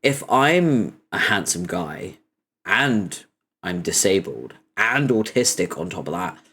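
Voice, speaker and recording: A man's voice: takes it slowly, slight background noise. A young man chatting casually on his stream, swearing freely and breaking into frequent laughter while telling stories. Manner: animated storytelling, laughter rising high in pitch.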